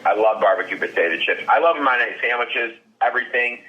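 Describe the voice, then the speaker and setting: A man's voice: medium pitch, lively intonation, fast talker, dull audio. A man, a chef, chatting playfully and enthusiastically in an interview. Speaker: celebrity chef guest. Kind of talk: casual interview chat.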